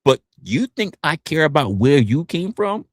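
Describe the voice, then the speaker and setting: A man's voice: fairly high pitch, sing-song, unhurried, no echo, studio quality. A man in his forties giving a blunt, profane livestream rant from his home office. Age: 40s. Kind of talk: ranting livestream monologue.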